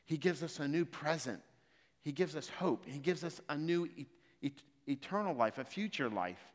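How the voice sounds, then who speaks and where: A man preaching a sermon, moving from calm explanation of scripture to loud, emphatic exhortation. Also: fairly high pitch, moderate pace. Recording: reverberant hall.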